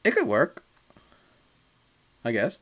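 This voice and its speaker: A man's voice: mid-range voice, wildly swooping pitch, slow, a bit bright, slight background noise. A man hosting a casual podcast chat, chatty and stammering, laughing easily. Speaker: podcast host.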